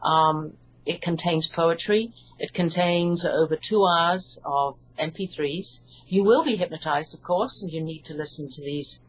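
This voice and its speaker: A woman with an English accent, an author and hypnotherapist, calmly explaining her ideas in an interview. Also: deep voice, a little slow, rough recording. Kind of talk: interview answers.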